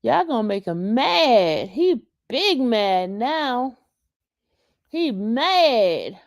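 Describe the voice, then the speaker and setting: Female livestream host, gravelly, slow delivery, teasing chat. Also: on the high side, sing-song, dry recording, clean studio sound. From New York. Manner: taunting, reading chat comments aloud.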